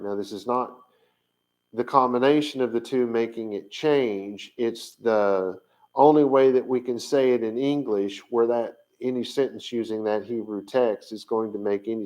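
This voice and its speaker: A man's voice: on the low side, darkish tone, poor audio. Hesitant man teaching while thinking aloud. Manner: thinking aloud, hesitant, searching his notes. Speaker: Bible language teacher. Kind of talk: informal teaching on camera.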